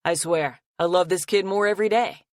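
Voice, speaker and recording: A woman voicing a cocky grown man who teases his friends and calls out loudly. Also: on the low side, brisk, dry recording, clean studio sound, pitched above the performer's own voice, lightly acted. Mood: teasing. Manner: loud, teasing, calls out across a yard.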